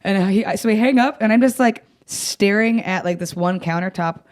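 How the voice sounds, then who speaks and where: A young adult woman, a comedian guest, tells stories in casual chat, blunt and profane, mocking herself and laughing often. She speaks at medium pitch and a moderate pace.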